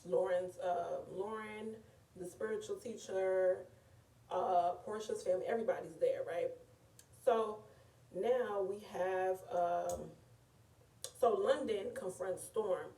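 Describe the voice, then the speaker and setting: A woman's voice: mid-range voice, takes it slowly, recorded from a distance. A woman casually recapping a reality TV episode in a chatty, gossipy way. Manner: chatty, animated, often says "girl" and "like". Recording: echoey room, voice away from mic.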